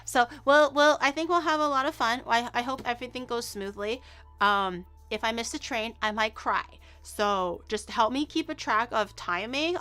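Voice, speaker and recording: A woman VTuber chatting casually on a live stream, her voice bright and a little high. She rambles, giggles often and restarts her sentences. Soft music plays faintly under her talk. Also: clear, resonant tone.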